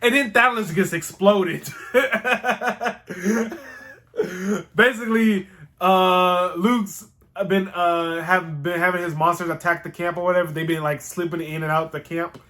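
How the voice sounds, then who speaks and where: Excitable high-voiced man rambling casually. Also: a little slow. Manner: animated, excitable, swears freely. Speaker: show host reviewing a TV series.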